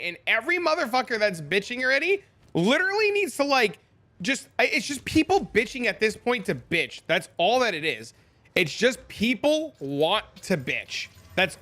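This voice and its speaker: A young man with a high, sharp voice streams a game live, talking with his viewers and ranting about other players with plenty of profanity as he reacts to chat.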